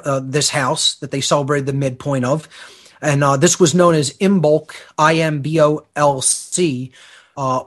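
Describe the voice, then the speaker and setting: A man with a somewhat high voice holds forth as a guest on a talk radio show. He explains at length in a teacherly way, checking in with the listener and restarting his sentences as he goes. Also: a bit bright. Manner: lecturing, often checks in with "okay?", many fillers and restarts. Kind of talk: explanatory lecture-style talk.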